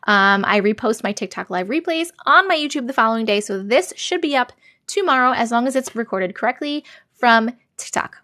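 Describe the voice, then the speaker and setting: A woman's voice sitting a little higher than most, bubbly and effusive as she hosts a casual live stream. She reads comments aloud and answers viewers directly, in a loose, chatty way. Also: lively intonation, a little fast, bright, forceful tone.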